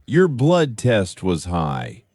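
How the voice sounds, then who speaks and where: A man voicing a stern police officer in a learner's storybook. His voice is deep and blunt, taken slowly, recorded close and dry. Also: huge pitch swings, a little mellow, breathy edge, dry recording, soft background music, exaggerated voice. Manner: blunt, matter-of-fact. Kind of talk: slow scripted story for learners.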